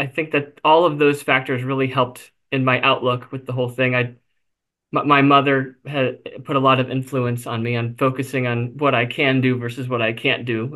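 A man's voice: medium pitch, fairly bright tone. A man being interviewed, telling a personal story candidly, with self-deprecating humor and frequent fillers. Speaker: interview guest.

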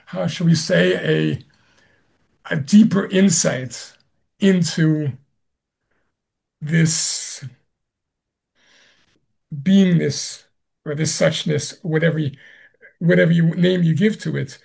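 A man, a Zen master, answering an interview question with slow, gentle storytelling and soft laughs. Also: fairly high pitch, fairly even intonation, vocal fry, breathy edge.

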